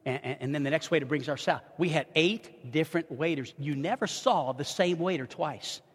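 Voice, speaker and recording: A man's voice: a little high, fairly quick, husky, big-room sound. A middle-aged man preaching as a pastor, telling a story animatedly and often restarting and repeating his words. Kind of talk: storytelling sermon. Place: church sanctuary.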